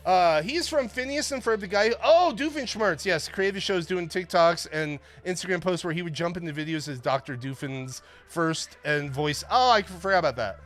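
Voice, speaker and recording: A male stream host rambles and jokes with his viewers in a loose, casual way. His voice sits high and sounds bright and forward. Faint music plays underneath. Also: normal speed, few pauses. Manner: rambling, jokey, chatting with viewers. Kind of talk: casual livestream chat.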